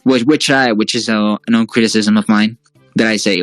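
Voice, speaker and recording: A man chatting as a guest, often pausing to restart his thoughts and hedging as he goes. His voice sits dry and close, with faint music in the background. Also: fairly low pitch, fairly even intonation, a bit bright, no echo, low-quality recording. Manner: hesitant, full of fillers and restarts. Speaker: guest, fan-series creator. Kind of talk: casual interview chat.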